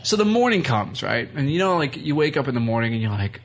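A man's voice: medium pitch, big pitch swings, fast, a little hiss or hum. A man who wrestles and does comedy, telling crude stories in a casual radio chat and laughing through them. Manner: profane storyteller, laughs through his stories.

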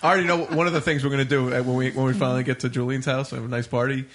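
A man's voice: mid-range voice, little pitch movement, racing. A man hosting a casual internet radio talk show, joking around and swearing freely. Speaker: host. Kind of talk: crude casual radio chat.

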